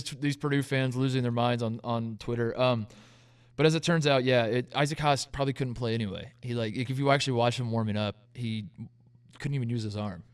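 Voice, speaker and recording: A man co-hosting a sports podcast, telling stories in a casual, animated way and acting out what other people said. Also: medium pitch, brisk, smooth, dry recording, clean studio sound. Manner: animated storytelling, acts out quotes in jokey voices. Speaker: podcast co-host.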